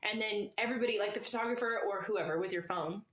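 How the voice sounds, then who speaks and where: A woman's voice: medium pitch, fast talker, a bit bright. A woman co-hosting a podcast in casual chat, rambling and laughing often, losing her thread as she tells stories. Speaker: podcast co-host.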